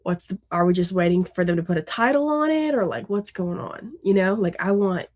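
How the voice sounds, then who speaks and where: A woman's voice: on the low side, animated, brisk, a little mellow. A woman, a mother of young kids, co-hosting a book podcast in casual chat, rambling and candid, laughing often and swearing freely. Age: adult with young children.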